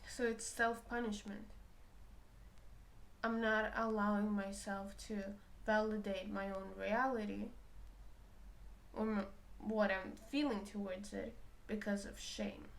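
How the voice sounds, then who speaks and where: A woman's voice: medium pitch, flat delivery, slow pace, creaky. A woman talking candidly and emotionally about her own feelings, questioning herself as she goes. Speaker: spiritual reader. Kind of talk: personal reflective talk.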